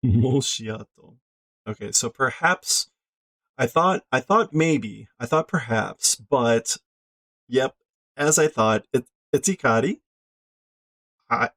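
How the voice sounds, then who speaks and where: A man casually reading through a manga as a language learner, translating aloud in a slow, halting, think-out-loud way. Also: mid-range voice.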